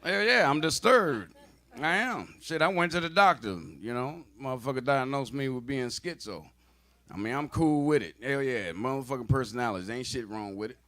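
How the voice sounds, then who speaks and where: A man's voice: medium pitch, expressive, moderate pace, fairly bright tone. A man doing a stand-up comedy set, telling stories in a loose, profane, conversational way.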